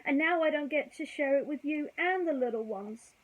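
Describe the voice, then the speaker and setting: A woman voicing a gentle, refined mother dog in a storybook, speaking softly and tenderly. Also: high-pitched, expressive, normal speed, muffled recording, voice pushed up. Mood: sad. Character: gentle refined female cocker spaniel mother.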